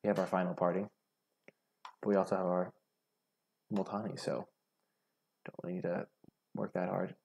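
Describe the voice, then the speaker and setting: A young man with a very low, gravelly voice that has a husky edge, chatting casually through his own card game. He thinks aloud and picks apart his own plays as he goes. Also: level tone, normal speed, long pauses, darkish tone. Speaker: gaming streamer. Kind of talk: casual gameplay commentary.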